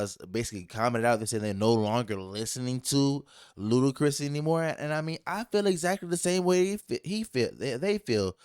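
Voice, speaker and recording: A man's voice: medium pitch, smooth, no echo, clean studio sound. A man co-hosting a podcast in casual chat, talking in rambling, emphatic runs. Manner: rambling, emphatic, laughs a lot. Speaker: podcast co-host.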